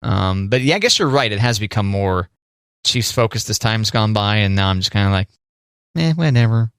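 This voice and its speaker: A man's voice: fairly low pitch, fairly quick, fairly bright tone, clear, resonant tone, no room sound, clean studio sound. A man co-hosting a podcast, chatting casually and joking at his own expense. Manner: easygoing, self-deprecating, many fillers and restarts. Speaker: podcast co-host. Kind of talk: casual chat.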